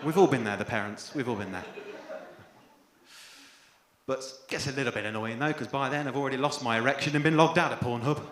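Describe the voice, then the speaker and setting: A young English man doing a stand-up comedy set on stage, dry and self-deprecating, with sudden loud outbursts. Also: medium pitch, fairly quick, long pauses. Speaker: first-time stand-up comedian. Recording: echoey live venue with faint room noise.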